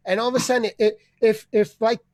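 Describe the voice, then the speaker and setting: A man's voice: high voice, level tone, fairly quick, darkish tone, no room sound, studio quality. A man hosting an online open mic, ranting and rambling with profanity and sudden voice changes, over a video call. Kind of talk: comedy rant.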